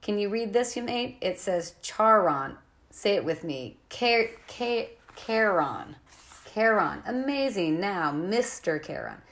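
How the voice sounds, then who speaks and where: A woman voicing a sly, cold male ferryman of the dead, speaking in a smooth, condescending put-on British-like accent. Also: mid-range voice, animated, normal speed, hardly any pauses, pitched above the performer's own voice, natural voice. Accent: British-like put-on foreign accent. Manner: silky, condescending, menacing.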